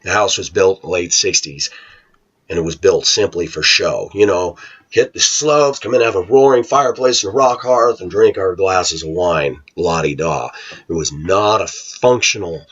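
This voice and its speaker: Guy telling a childhood story, acts out the voices, low pitch, muffled lo-fi recording. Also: normal speed, breathy edge. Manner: animated retelling, acting out voices. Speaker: vlogger. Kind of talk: casual storytelling monologue. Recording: dull lo-fi home recording.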